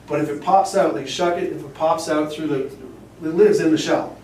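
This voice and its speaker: A man talks staff through oyster shucking in a casual, rambling way, full of jokes and acted-out asides. His voice is a bit high for a man and comes from a camera a few steps away. The shop echoes, with a faint hum underneath. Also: steady tone, moderate pace, recorded from a distance. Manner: rambling, jokey, acts out quotes. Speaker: oyster shucker giving a demonstration. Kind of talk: casual hands-on talk to industry staff. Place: fish shop, indoors.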